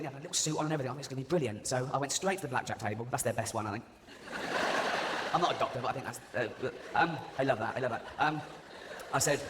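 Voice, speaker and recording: A man's voice: mid-range voice, background noise. A man doing a live stand-up routine, mocking and sardonic, laughing at his own jokes. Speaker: stand-up comedian. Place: large live venue. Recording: echoey hall with loud audience.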